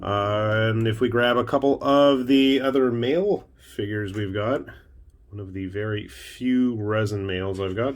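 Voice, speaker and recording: A man with a lowish voice hosts his own miniatures channel, unboxing and building a model while hiccuping. He chats casually, dropping wry asides and a bit of self-deprecating humour.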